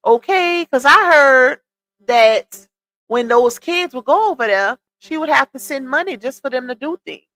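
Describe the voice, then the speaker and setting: A woman's voice: on the high side, sharp tone. A woman hosting a casual livestream, chatting with viewers, reading comments aloud and laughing often. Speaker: livestream host.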